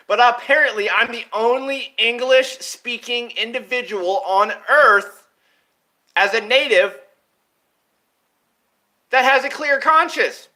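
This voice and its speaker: A man talking straight to his viewers in a rambling, profane monologue, jumping between ideas and swinging widely in pitch and loudness. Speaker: vlogger.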